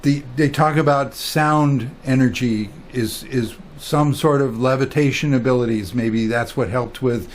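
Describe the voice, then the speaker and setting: A man's voice: mid-range voice, measured pace, hardly any pauses, a little hiss or hum. Rambling man with a middling voice. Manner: rambling, with many fillers and restarts; storytelling, quoting others in quiet voices. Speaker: spiritual teacher. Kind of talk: casual spiritual talk.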